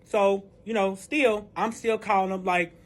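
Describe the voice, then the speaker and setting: A man telling a dramatic personal story in a storytime vlog, animated and full of profanity. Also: sits high, a little slow. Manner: heavy profanity, animated retelling.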